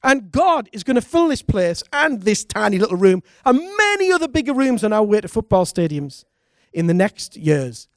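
A man, a pastor, preaching a lively sermon and calling on the congregation to respond. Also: a little high, dry recording, studio quality. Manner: animated preaching, calls for congregation responses, laughs.

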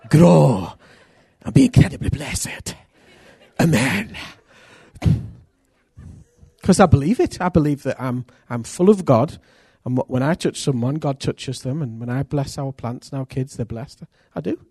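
A man preaching a sermon as pastor, earnest and intimate, with sudden loud rises. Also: medium pitch, normal speed, few pauses, husky, no room sound, studio quality.

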